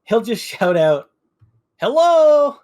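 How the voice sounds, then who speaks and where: A man's voice: fairly high pitch, a little slow. A man playing a tabletop game, asking about checks and explaining rules in an easygoing way. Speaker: player. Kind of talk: casual tabletop play.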